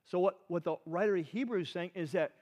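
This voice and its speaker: A man's voice: sits high, fast talker, a little mellow. A man preaching a sermon, teaching animatedly and asking the audience rhetorical questions. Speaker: pastor.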